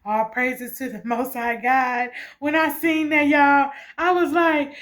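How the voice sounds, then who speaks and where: A woman's voice: sits high, fairly even intonation, slow pace, hardly any pauses, a bit bright. A woman hosting her spiritual vlog, emotional and grateful, tagging nearly every sentence with "okay" and breaking into laughter. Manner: emotional, repeats "okay" often; laughs and gushes with gratitude. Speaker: spiritual channel host.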